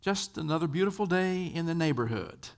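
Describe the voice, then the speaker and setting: A man's voice: on the high side, animated, brisk. A man voicing a shifty male servant who plays innocent in a breezy, evasive, falsely casual way.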